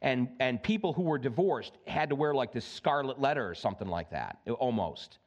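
A male pastor preaching a sermon in an animated way, slipping in joking asides. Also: medium pitch, moderate pace, dull audio.

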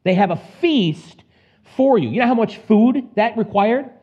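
A man preaching an expository Bible sermon, animated, acting out scenes with quick put-on voices and casual asides. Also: very high-pitched, breathy edge. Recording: dull lo-fi recording.

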